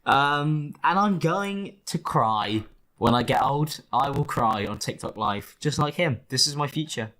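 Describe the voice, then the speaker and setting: A man's voice: a little high, expressive, measured pace, a bit bright. A man hosting a reaction video, talking in a sarcastic, theatrical, mock-whiny way. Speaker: host. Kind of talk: reaction commentary.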